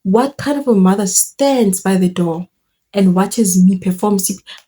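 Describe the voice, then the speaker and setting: A young woman tells a story to her viewers, animated and full of exclamations and slang. Her voice sits in a mellow, dark register with a husky, slightly breathy edge. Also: mid-range voice, moderate pace. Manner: animated, exclaiming, slangy with local words mixed in. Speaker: vlogger telling a story. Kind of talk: storytime vlog.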